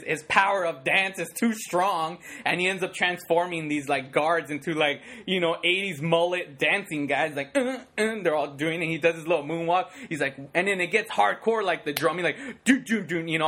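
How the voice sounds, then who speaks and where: Chatting casually, a thirty-something man talks fairly quickly with few pauses in a slightly high voice. He rambles with excitement, says "like" constantly, and performs sound effects.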